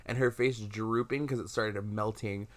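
A man's voice: on the low side, steady tone, normal speed. A young man co-hosting a casual podcast, telling a ghost story animatedly with lots of filler words. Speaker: podcast co-host.

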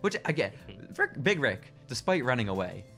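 A man talks through a wrestling episode with his co-host, his pitch jumping all over as he laughs and rushes. The chat is loose and casual, with faint music playing behind him. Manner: animated, laughing, quick bursts. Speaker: podcast co-host.

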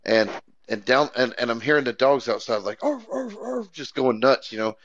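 A young man rambling through laid-back, cussing anecdotes on a casual podcast. His pitch is middle-range. The recording has a dull, lo-fi quality. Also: moderate pace, fairly bright tone. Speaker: podcast co-host. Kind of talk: casual chat. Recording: dull lo-fi sound.

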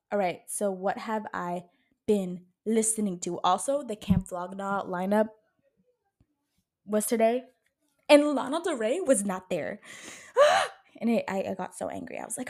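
Woman, twenties, podcast host, casual chat, emphatic, swears a lot, mid-pitched. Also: darkish tone. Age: 20s. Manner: chatty, emphatic, swears freely, says "like" and "bro" a lot.

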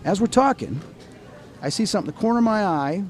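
A man, a paranormal researcher, telling a story in an excitable, dramatic way as a guest at an expo. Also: high-pitched, fast talker, soft background music. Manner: excitable, dramatic, quotes people in voices. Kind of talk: animated storytelling interview. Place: outdoors at an expo.

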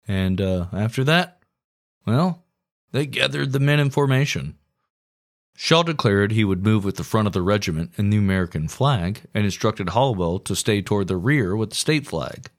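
A man's voice: lowish voice, expressive, moderate pace. A man hosting a casual history podcast, telling the story with crude, profane jokes.

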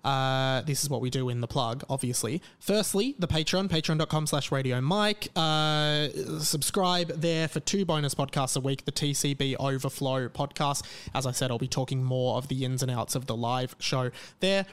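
A man's voice: medium pitch, normal speed, few pauses, a bit bright, smooth. A man hosting a podcast, chatting casually and rambling through plugs with plenty of fillers. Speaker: podcast host.

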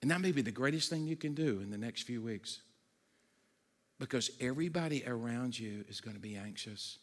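A man preaching a sermon as a pastor, conversational and energetic, with humorous asides and stammered restarts, sometimes dropping low and quiet for serious points. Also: a little fast, in a large hall.

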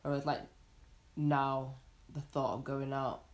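A woman's voice: very deep voice, flat delivery, slow pace. A young woman with a northern English accent, talking candidly and thoughtfully in a casual podcast chat. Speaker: podcast co-host.

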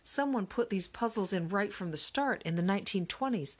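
A woman voicing a calm, thoughtful older brother. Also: mid-range voice, brisk, breathy edge, pitched above the performer's own voice. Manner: calm, explaining. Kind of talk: audiobook character reading.

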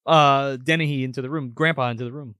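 A woman co-hosting a casual chat, retelling a movie with lots of swearing and quick character voices. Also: rumbling low, no room sound, clean studio sound. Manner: animated, swears freely, puts on character voices. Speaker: podcast co-host recapping a movie.

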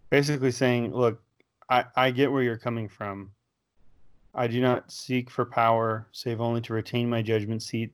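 A man in casual discussion of scripture, talking in a relaxed, conversational way and sometimes reading quotes aloud. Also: mid-range voice.

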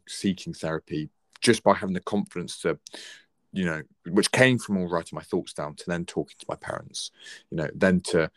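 A young man in his twenties with a low voice talks earnestly and reflectively, offering heartfelt advice in a casual conversation. It's recorded studio-clean with no echo.

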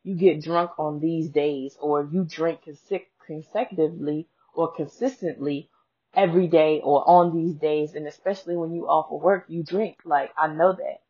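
A woman with a low, deep-set voice tells a personal story on her show. She is chatty and frank, swears freely and speaks straight to her listeners. The sound is dull and lo-fi. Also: steady tone, moderate pace, husky. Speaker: podcast host.

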